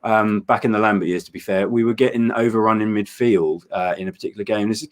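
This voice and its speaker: A man's voice: lowish voice, fairly even intonation, fast. A man, a coach appearing as a guest on a livestream, speaking earnestly and passionately to fans. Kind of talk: casual livestream chat.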